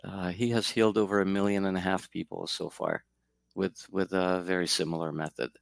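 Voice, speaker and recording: A man's voice: low-pitched, level tone, fairly quick, gravelly, dry recording. A man, an energy healer, giving a podcast interview and telling his story in a reflective, rambling way.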